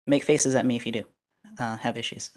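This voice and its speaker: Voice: mid-range voice, steady tone, brisk, darkish tone. A presenter leading a live webinar over a computer microphone, talking casually with many fillers and restarts. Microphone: computer microphone on a video call.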